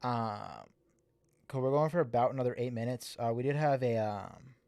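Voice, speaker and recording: A man's voice: mid-range voice, moderate pace, creaky, darkish tone, dry recording. A young man hosting a livestream, giving casual, rambling feedback on a submitted song with lots of fillers and repeated words, slightly slurred S's. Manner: says he slurs his S's a little. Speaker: livestream host reviewing music submissions.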